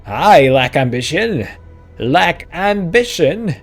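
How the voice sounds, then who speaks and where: A man's voice: fairly high pitch, very animated, slow, faint music behind, heavily acted. A man voicing a small, pompous male shopkeeper with a comic put-on accent, in a video game read-aloud. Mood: indignant. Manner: pompous, indignant.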